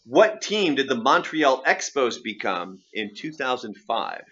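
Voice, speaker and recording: Very bright-voiced playful male radio host. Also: medium pitch, very animated, unhurried, dull audio. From Oregon, USA. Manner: playful, teasing quizmaster. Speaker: radio show host running a quiz. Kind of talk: casual radio banter.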